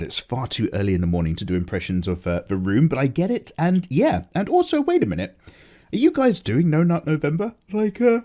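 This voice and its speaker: An artist and channel host, tired and low on energy, rambles casually and jokily through an unedited chat, loose and full of fillers. His voice runs on the high side with huge pitch swings, brisk and mellow.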